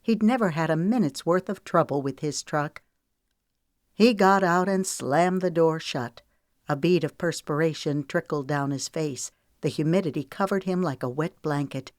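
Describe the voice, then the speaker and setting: A woman author narrating her own historical novel in a measured, dramatic reading. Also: sits low, no echo, studio quality. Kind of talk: audiobook narration.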